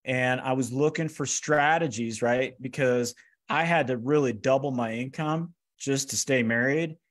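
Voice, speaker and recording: A man telling stories in a lively motivational talk, acting out the lines of the people in them. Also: medium pitch, measured pace. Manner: energetic, acts out quoted dialogue. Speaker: speaker giving a finance workshop. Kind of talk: animated motivational storytelling.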